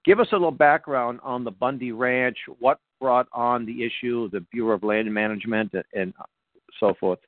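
A man's voice: mid-range voice, normal speed, dry recording. A man from Boston hosting a talk radio interview, rambling through announcements with many fillers and restarts. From Boston, USA. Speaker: radio show host. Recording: dry, tinny phone-like sound.

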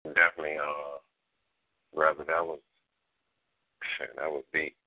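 Male radio co-host, extremely low voice, monotone, phone-line sound. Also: a little slow. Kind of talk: casual radio chat.

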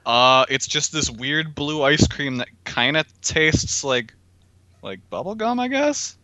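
A man co-hosting a podcast in casual chat, relaxed and hesitant, with many fillers. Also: fairly high pitch, takes it slowly, no echo. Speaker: podcast co-host.

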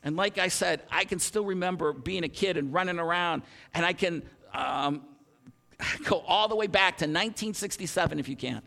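A man in his fifties preaching a sermon, animated, with frequent restarts and self-deprecating humor. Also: high voice, moderate pace, creaky. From Ohio, USA. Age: 50s. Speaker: pastor. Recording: long hall reverb.

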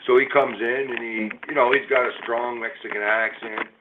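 A middle-aged man in casual chat, rambling from one story to the next and cursing as he goes. His voice sits at a middle pitch. It comes through a tinny phone-like line with a faint hiss. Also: steady tone, normal speed. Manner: rambling storyteller, swears freely. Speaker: small business owner.

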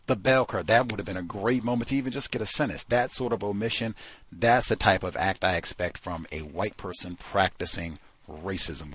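A man's voice: low-pitched, a bit bright, husky. A man hosting a talk show, giving an exasperated, sarcastic review of a book, full of fillers like "uh" and "like.". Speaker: podcast host. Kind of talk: critical book review commentary.

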